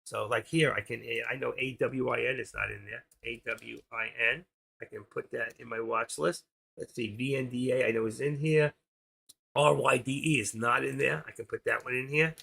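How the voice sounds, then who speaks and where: Gravelly man rambling over stock charts. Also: mid-range voice, fairly even intonation, sharp tone. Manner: rambling, talks fast while clicking through charts. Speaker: stock trading livestream host. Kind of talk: casual live screen-share commentary.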